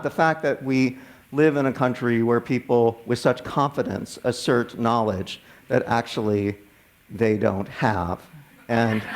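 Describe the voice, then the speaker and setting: A man, a minister telling a personal story in a sermon in a conversational way, often restarting words. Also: medium pitch. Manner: conversational, animated when quoting others, frequent stammered restarts.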